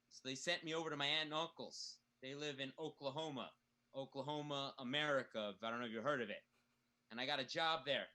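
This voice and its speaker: A man's voice: on the high side, bright, forceful tone. An actor playing a crude, boastful young male bully who rambles and laughs at himself, in a comedic play reading.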